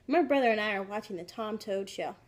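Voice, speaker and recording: A woman's voice: mid-range voice, a little fast, lightly acted. A woman voicing a cheeky, playful young boy in a storybook. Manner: cheeky, offhand.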